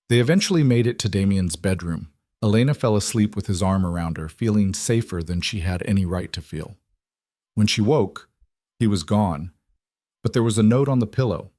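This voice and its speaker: A man narrating a scripted romance story in an even, measured way. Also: lowish voice, no room sound, clean studio sound.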